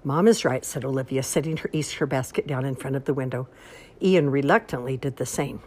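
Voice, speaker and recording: An older woman reading a children's story aloud in a lively, expressive way, with a husky voice. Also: very deep voice, brisk.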